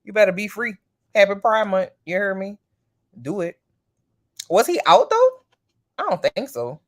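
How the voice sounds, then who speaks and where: A vlogger chatting casually to the camera, slangy and loose. The voice sits at a middling pitch and leaps sharply upward for emphasis, then drops back to a low, easy murmur. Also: huge pitch swings, a little slow, fairly bright tone. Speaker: vlogger, parent. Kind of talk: casual chat to camera about TV shows.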